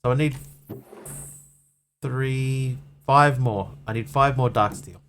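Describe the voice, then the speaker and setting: A man's voice: medium pitch, slow pace, a bit bright, soft background music. Rambling man streaming a game. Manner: rambling, thinking aloud with many fillers. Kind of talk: casual gameplay commentary.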